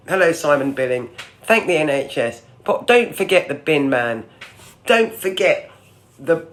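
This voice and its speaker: Sweary sarcastic British woman ranting. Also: deep voice. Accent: British English. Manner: sweary and sarcastic, loud and projecting. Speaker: livestream host. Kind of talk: ranting commentary on newspaper headlines.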